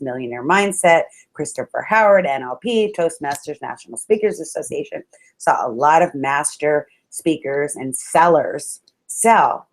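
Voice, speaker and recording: A woman motivational speaker giving a webinar talk on public speaking, addressing listeners as friends with animated, expressive delivery and sudden exclamations. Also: low voice.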